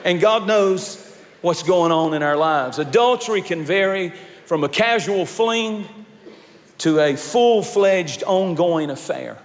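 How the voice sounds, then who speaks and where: A man's voice: high-pitched, slow pace, in a large hall, a little hiss or hum. A male pastor preaching a sermon, telling stories and rising to emphatic points. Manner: storytelling, rising to emphatic peaks.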